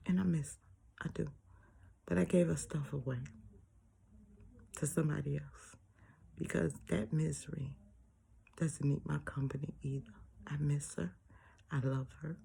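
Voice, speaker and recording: Older woman, grandmother, gravelly dark voice, breathy asides, preachy repetition. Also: sits low, fairly even intonation, a little slow, long pauses. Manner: often drops to a breathy near-whisper; preachy, repeats phrases for emphasis. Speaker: vlogger. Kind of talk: casual personal monologue.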